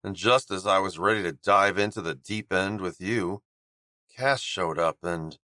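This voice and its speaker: A man doing an eager nervous young hockey player, hoarse and hopeful, audiobook, dry booth sound. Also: sits low, unhurried, pushed and bright, dry recording. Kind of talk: audiobook character voice.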